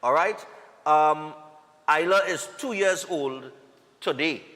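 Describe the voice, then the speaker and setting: A Trinidadian man reads viewer greetings on a morning show in a high, bright voice. His casual, upbeat delivery is full of local slang. The studio has a long, ringing reverb. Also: takes it slowly. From Trinidad and Tobago. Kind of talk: live TV greetings segment.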